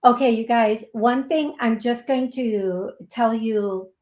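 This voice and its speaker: Woman, Upper Midwest accent, psychic medium host, unhurried, soothing, calls people love. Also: a little high, darkish tone, reverberant. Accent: Upper Midwest American. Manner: laughs at herself, gets giggly. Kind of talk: call-in show chat.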